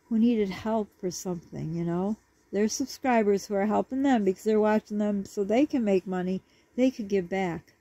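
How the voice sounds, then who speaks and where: A woman vlogger with a mellow, medium-pitched voice chats casually to camera, rambling and apologizing to her viewers. The recording is dry and echo-free, but dull and lo-fi.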